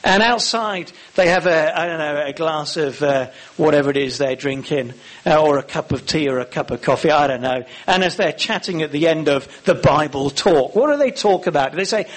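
A man preaching a sermon, acting out the lines of the Bible characters with lively emphasis. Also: a little high, normal speed.

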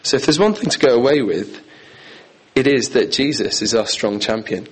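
A man's voice: mid-range voice, lively intonation, moderate pace, slightly rough, low-quality recording. A man preaching a sermon in an earnest, emphatic way, repeating key phrases.

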